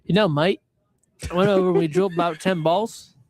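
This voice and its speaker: A man's voice: high-pitched, fairly even intonation, a little fast, a little mellow, close to an everyday voice. A man voicing a breezy male pro bowler with an exaggerated mock Australian accent. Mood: joking. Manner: exaggerated, jokey put-on voice.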